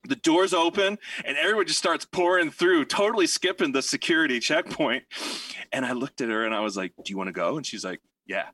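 Bright-voiced rambling storyteller man. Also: fairly high pitch, fairly quick, no echo, far from the mic. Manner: rambling, animated, many fillers and restarts. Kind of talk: casual storytelling chat.

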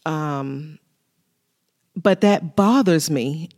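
A woman's voice: deep voice, very slow, a little mellow. A woman co-hosting a faith talk show with her husband, speaking candidly and with humor about marriage.

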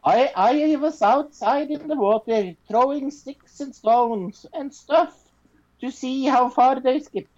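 Woman doing a high, breathless, mock-Swedish little girl, excited kid telling her story, dull lo-fi sound. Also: slow pace. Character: excited eight-year-old Swedish girl who found a sword.

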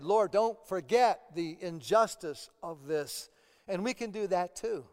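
A man's voice: sits high, unhurried, clear, resonant tone. A man preaching a sermon as pastor, earnest and often repeating words as he presses a point. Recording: long hall reverb.

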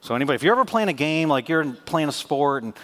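A man preaching a sermon as a pastor, animated and joking, with sarcastic asides. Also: fairly high pitch, fast talker. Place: church in front of a congregation.

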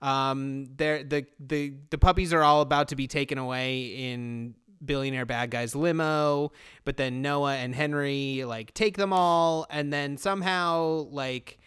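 A man's voice: fairly high pitch, steady tone, unhurried, few pauses, fairly bright tone, clean tone, dry recording, clean studio sound. A man co-hosting a podcast, sarcastically recapping a movie in a rambling way with lots of restarts. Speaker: podcast co-host. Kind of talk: casual movie recap chat.

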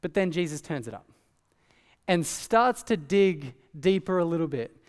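Man, pastor, chatty animated sermon, high voice, long hall reverb. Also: unhurried. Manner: conversational, animated preaching with asides.

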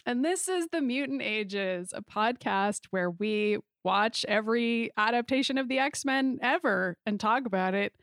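A woman co-hosting a podcast in casual chat, talkative and quick to laugh. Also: a little high, fairly bright tone, no room sound, studio quality. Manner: chatty, laughs easily. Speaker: podcast co-host.

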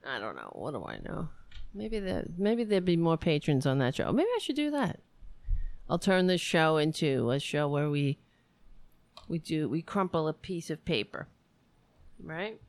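A woman hosts her own streamed talk show in a loose, digressive monologue. She swears freely and pokes fun at herself, with a slightly low voice that swoops up and down a great deal. The sound is close and dry. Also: dry recording. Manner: animated, digressive, swears freely, self-mocking. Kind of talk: rambling casual monologue.

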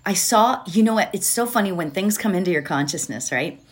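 A woman giving a gentle, reflective motivational talk from home, repeating key phrases and asking rhetorical questions. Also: mid-range voice, animated, brisk. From United States. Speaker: mindfulness speaker.

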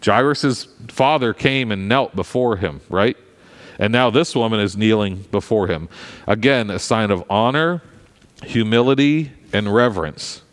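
A pastor giving a sermon in a conversational, animated way, with frequent asides to the congregation. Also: male voice, lowish voice, measured pace. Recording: long hall reverb.

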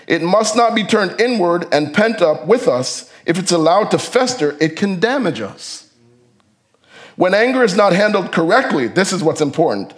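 A man preaching a sermon as pastor, animated, his voice jumping up for emphasis and then dropping low. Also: normal speed. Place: church sanctuary.

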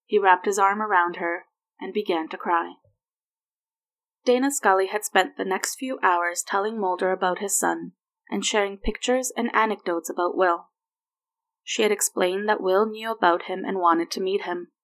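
A woman reads a romance story aloud, steady and plain, at an ordinary middle pitch. It sounds like a home reading of fan fiction. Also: normal speed, low-quality recording. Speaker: reader.

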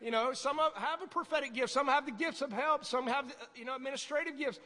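A woman preaching a sermon in a conversational way, breaking into sudden shouted bursts. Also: sits high, fast talker. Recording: echoey hall.

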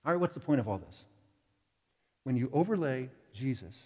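A man preaching a sermon in a church, telling stories with lively quoted voices. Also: mid-range voice, moderate pace, slightly rough, dull audio. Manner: animated storytelling with quoted voices. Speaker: pastor. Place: church sanctuary. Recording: church hall reverb.

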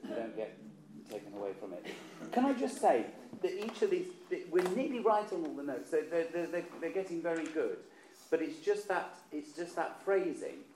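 A man's voice: on the high side, big pitch swings, normal speed, darkish tone, a little hiss or hum. A man coaching a choir, chatty and encouraging, often repeating words as he thinks. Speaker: choir director. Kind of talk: choir rehearsal instruction. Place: rehearsal hall. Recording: echoey room with choir around.

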